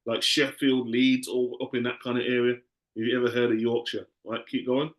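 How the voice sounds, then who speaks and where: A man's voice: medium pitch, level tone, moderate pace. A man teaching a class in a loose, conversational way, often repeating himself.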